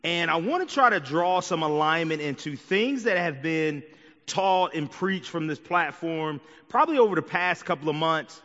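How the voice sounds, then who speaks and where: Pastor, male, bright forceful voice, casual preaching style, church hall echo, slightly dull recording. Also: fairly high pitch, animated, normal speed. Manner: conversational preaching with frequent "right?" and "okay?" asides. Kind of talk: sermon. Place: church sanctuary. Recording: dull sound with long hall reverb.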